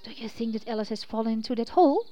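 A woman's voice: a little high, animated, rapid-fire, warm tone, faint music behind, natural voice. A woman voicing a curious, easily puzzled young man in a children's storybook who keeps asking questions.

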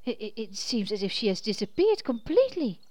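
A woman's voice: on the high side, big pitch swings, a little fast, a little mellow, dry recording. A woman voicing a kind young witch in a children's storybook who stammers a little. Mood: gentle.

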